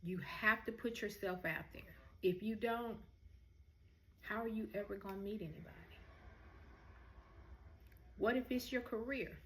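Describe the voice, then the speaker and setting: A woman's voice: mid-range voice, measured pace, long pauses, a little hiss or hum. A woman hosts a heartfelt motivational talk to her viewers, speaking earnestly and encouragingly. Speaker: host.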